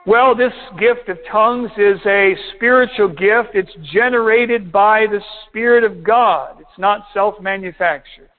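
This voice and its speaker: High-voiced pastor preaching over a tinny line. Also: male voice. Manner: steady preaching, slows down to stress points. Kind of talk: sermon. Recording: tinny phone-like sound.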